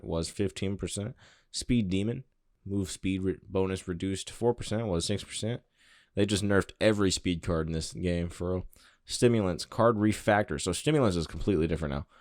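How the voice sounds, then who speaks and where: Man with a lowish voice, gaming channel host reading patch notes, offhand asides, dry close recording. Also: no echo. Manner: offhand, reads in flat bursts with quick asides. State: out of breath.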